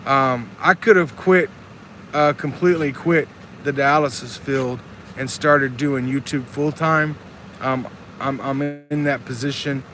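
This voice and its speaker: A man's voice: medium pitch, steady tone, a little slow, fairly bright tone, a little hiss or hum. A man chatting casually on a live stream, earnest and rambling, reading chat comments aloud. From Texas.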